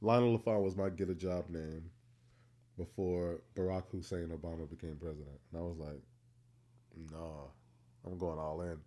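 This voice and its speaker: A man's voice: deep voice, steady tone, moderate pace, mellow. A man in his thirties co-hosting a casual podcast. He tells stories with a playful, teasing edge and laughs easily. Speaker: podcast co-host. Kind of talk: casual storytelling chat.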